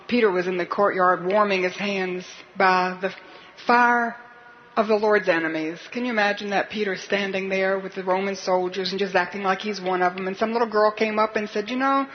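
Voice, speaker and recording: An earnest woman preaching with urgent, searching questions. Her voice comes through dull and lo-fi, with a faint hiss underneath. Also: mid-range voice. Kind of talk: sermon.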